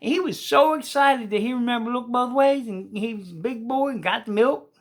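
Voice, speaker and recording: A woman's voice: on the high side, fairly quick. A woman telling a children's story in a folksy, colloquial way and speaking straight to the young listeners.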